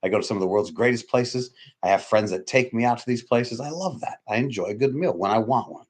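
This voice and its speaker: A man delivering a loose, conversational sermon to his congregation. He rambles, restarts his sentences and repeats himself, swinging from emphatic loud bursts to low, quiet murmurs. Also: fast talker. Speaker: preacher. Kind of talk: informal sermon.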